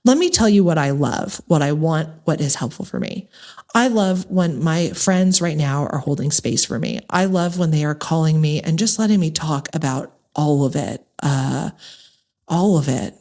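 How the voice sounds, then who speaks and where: A woman with a low, deep speaking voice and an American accent, hosting her own podcast. She talks candidly and earnestly to her listeners, with direct, lively emphasis. She sounds middle-aged. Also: normal speed. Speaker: podcast host. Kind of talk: personal monologue to listeners.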